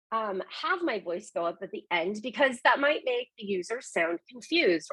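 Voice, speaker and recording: A woman's voice: mid-range voice, fairly bright tone, no room sound, low-quality recording. A woman presenting a webinar on conversation design, explaining points with emphasis. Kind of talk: scripted presentation.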